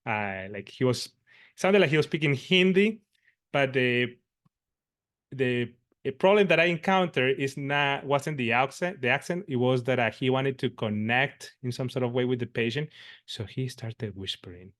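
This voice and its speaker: A man presenting at a workshop, an interpreter who tells a work story in an earnest, meandering way, pausing to find his words. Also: medium pitch, lively intonation, fairly bright tone, no echo, studio quality. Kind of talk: conversational workshop talk, telling a work story.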